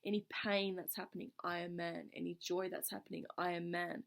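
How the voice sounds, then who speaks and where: A woman's voice: lowish voice, level tone, brisk, vocal fry. A woman vlogger casually telling a personal story to camera in an earnest, reflective way, her phrases running on loosely with many fillers.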